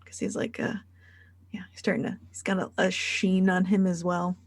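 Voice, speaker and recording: A woman's voice: lowish voice, level tone, normal speed. A woman running a tabletop role-playing game as game master, narrating in a loose, rambling way with many fillers.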